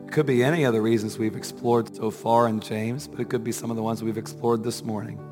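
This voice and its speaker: A man preaching in a church sanctuary with a weak, strained voice. He speaks at a middle pitch, asks earnest rhetorical questions and builds to emphatic peaks. His words carry a long hall reverb, with faint music underneath. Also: fairly even intonation, brisk, few pauses. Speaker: pastor. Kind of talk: sermon.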